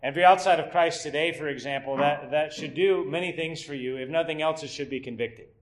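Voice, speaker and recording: Speaking fast, a middle-aged man gives an expository sermon that climbs to emphatic rhetorical questions and then falls low and quiet as he teaches.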